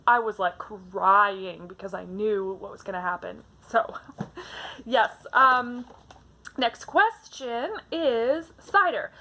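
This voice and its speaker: Bright-voiced young woman chatting about books. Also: a little high. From Canada. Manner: chatty, animated, many fillers. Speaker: book vlogger. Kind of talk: casual book tag chat.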